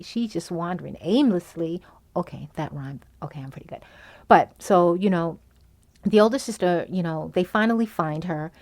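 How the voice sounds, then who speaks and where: A woman's voice: lowish voice, expressive, normal speed, darkish tone. A woman hosting a podcast, giving a casual, chatty movie recap full of "you know" and "um", acting out the characters' lines as she retells the plot. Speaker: podcast host reviewing a movie.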